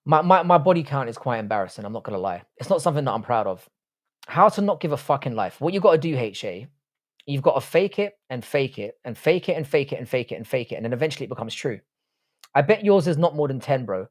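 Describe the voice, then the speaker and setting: A man's voice: medium pitch, very animated, fast. A young Irish man hosting a casual livestream, reading chat aloud and answering with blunt, profane banter. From Republic of Ireland.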